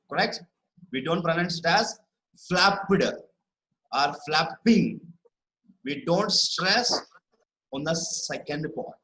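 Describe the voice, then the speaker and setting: A man leads an online spelling lesson in a bright, ringing voice pitched a little high. He explains with patience, says example words over and over, and keeps asking "right?" to see whether the class follows. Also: low-quality recording. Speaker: English spelling teacher.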